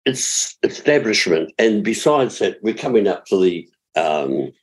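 A man's voice: lowish voice, expressive, unhurried, breathy edge. An older man with a New Zealand accent giving chatty gardening advice on a radio talk show, explaining steps patiently and spelling words out. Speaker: gardening expert.

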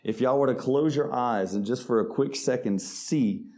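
A man preaching a sermon, calling out to the congregation and reading scripture slowly with weight. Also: medium pitch, warm tone. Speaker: pastor.

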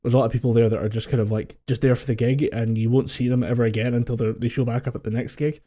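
A man's voice: mid-range voice, flat delivery, rapid-fire, dark tone. A Scottish man co-hosting a podcast, chatting casually, laughing a lot and swearing freely as he tells stories over a voice call. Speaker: podcast co-host. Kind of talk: casual chat. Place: home, recorded over a voice call.

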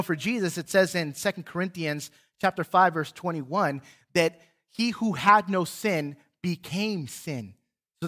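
Male pastor, higher-pitched, earnest preacher who reads scripture with dramatic swells and quiet drops. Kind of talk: sermon with scripture reading. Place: church sanctuary.

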